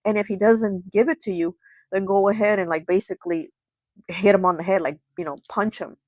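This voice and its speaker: A woman's voice: mid-range voice, fairly even intonation, fairly quick, a little mellow, no echo, close to an everyday voice. A woman voicing a cold, scheming, abusive stepmother who gives bossy orders in a casual tone. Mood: commanding.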